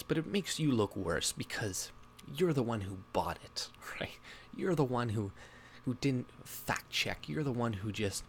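A man giving casual, rambling commentary, often laughing and mocking, who jumps into a higher voice to mimic people he disagrees with. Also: expressive, a little slow, a little hiss or hum. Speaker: political commentary vlogger.

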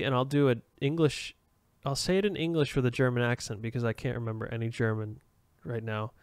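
A man's voice: medium pitch, moderate pace, smooth, dry recording, clean studio sound. A man hosting a solo podcast, rambling and self-aware, with frequent restarts and fillers. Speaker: podcast host.

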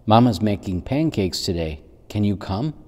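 A man voicing a cheerful, eager young boy in a storybook, with a quick, bouncy manner. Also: fairly low pitch, lively intonation, warm tone, long reverb tail.

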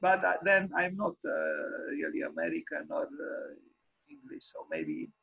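A man with a high, gravelly voice that has a husky edge gives an informal online architecture lecture. He talks haltingly, with many fillers and restarts, and offers frank, wry opinions. The audio comes over a video call and sounds dull and lo-fi. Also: wildly swooping pitch. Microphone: video call microphone.

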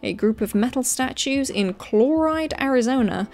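A woman's voice: high voice, normal speed. Woman hosting with sarcastic asides. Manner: reads facts, then breaks off into sarcastic, excited asides. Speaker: video host. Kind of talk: comedic commentary reading facts.

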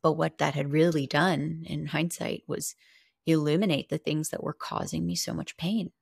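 A woman's voice: sits low, fairly even intonation, moderate pace, vocal fry, breathy edge, no echo, studio quality. A woman guest on a podcast, earnestly and candidly telling a personal story, with casual swearing.

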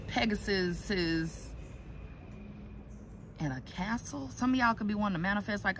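A woman talks her viewers through a tarot reading in a loose, chatty manner, swearing freely and wandering off into asides. She is recorded outdoors, with passing vehicles clearly heard behind her voice. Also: medium pitch, background noise. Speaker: tarot reader. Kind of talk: casual tarot reading vlog.

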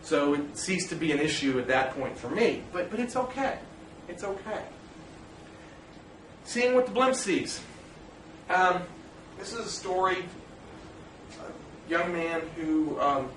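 A man speaks earnestly to fathers in a roomy space, his slightly high voice carrying some echo. He talks plainly and directly, weaving in personal stories. He stands back from the mic, and a faint background hiss sits under him. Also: unhurried, pauses often, fairly bright tone, distant mic. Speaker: parent speaker addressing fathers. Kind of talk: informal talk to an audience.

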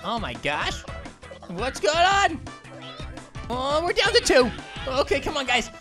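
A squeaky, high-pitched talking orange rattles off hyper, silly commentary as he plays a game. He stutters and repeats words in bursts when he gets excited. Bright game music plays loudly underneath him the whole time. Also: takes it slowly, full character voice. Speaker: gaming channel host.

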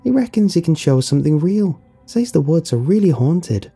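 Man raising his voice to play a teenage girl, eager, much higher pitched, husky undertone, horror story. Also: very animated, moderate pace, warm tone, soft background music, exaggerated voice. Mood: excited.

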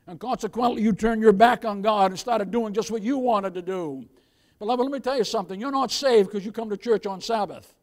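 A man preaching a sermon as pastor, swinging from loud exhortation down to near-whispers, with many calls of "beloved" and "Amen?". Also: sits high, long reverb tail. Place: church sanctuary.

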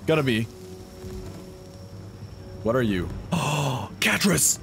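A young man giving live gameplay commentary, excitable and often yelping and swearing at enemies. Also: mid-range voice, slow pace, vocal fry, over music. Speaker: streamer.

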